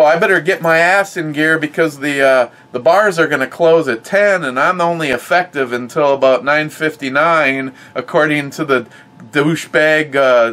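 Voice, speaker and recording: A man's voice: fairly high pitch, fairly bright tone, voice pushed up, lightly acted. A man voicing a personified virus in a raised, sarcastic, mock-cheerful tone. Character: smug mocking male coronavirus personified.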